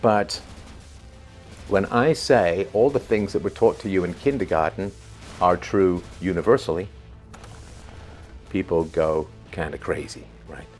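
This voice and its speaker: A man's voice: deep voice, measured pace, pauses often, darkish tone, faint music behind. A man talking in a loose, conversational way, full of fillers and rhetorical "right?" tags, now and then chuckling at his own examples. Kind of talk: unscripted spoken commentary.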